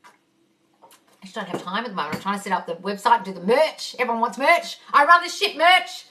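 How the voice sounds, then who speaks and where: Answering questions live from her phone, a manifesting coach swears liberally and calls her viewers darling. Her voice sits a little high, brisk with a sharp tone. A faint hiss or hum is present, and she's slightly far from the mic.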